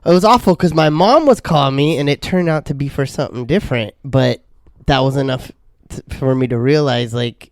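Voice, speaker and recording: A man's voice: mid-range voice, a little fast, no echo. A man co-hosting a podcast in casual chat, telling stories animatedly and acting out the people in them. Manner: animated storyteller acting out voices. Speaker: podcast co-host.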